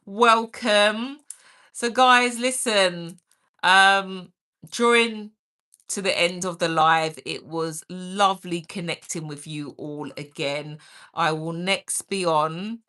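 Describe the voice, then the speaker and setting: A middle-aged woman hosts a livestream, reading out viewer comments with energy and warmth. Her voice is fairly low, her pace slow, and her tone sharp.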